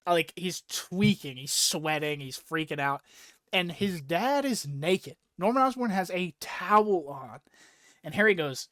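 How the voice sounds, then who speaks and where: A young man with a somewhat high voice rambles through a comic-book recap, swearing freely and leaning on "like". The sound is close and dry, with no room echo. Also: a bit bright. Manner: rambling, profane, laughing recap with lots of "like". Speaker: podcast host recapping a comic. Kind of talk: casual chat.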